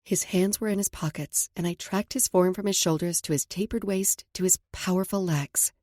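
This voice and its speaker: A woman narrating a first-person romance audiobook with a husky, mellow voice. Her reading is soft and intimate, sitting a little low. The recording is dry and close. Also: moderate pace, no echo.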